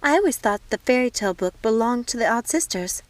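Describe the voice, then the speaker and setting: A woman voicing a kind young princess in an audiobook, bright and eager. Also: on the high side, expressive, brisk, no room sound, pitched above the performer's own voice, close to an everyday voice. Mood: warm.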